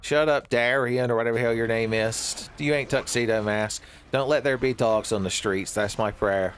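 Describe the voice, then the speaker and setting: A man's voice: medium pitch, fairly even intonation, normal speed, a bit bright, a little hiss or hum. A man giving joking, rambling commentary while he plays a horror game, often laughing at his own jokes. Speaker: streamer playing a horror game.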